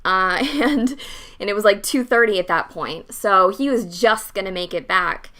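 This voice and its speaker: A young woman hosting a podcast, telling a story in a casual, animated way, acting out the dialogue and swearing freely. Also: medium pitch, moderate pace. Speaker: podcast host.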